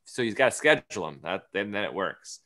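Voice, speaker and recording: A man with a low, bright, forceful voice spins a comic anecdote on a podcast. He talks casually and slips into quick impressions of the people he met along the way. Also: animated. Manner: storytelling, acts out quoted lines. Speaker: guest comedian.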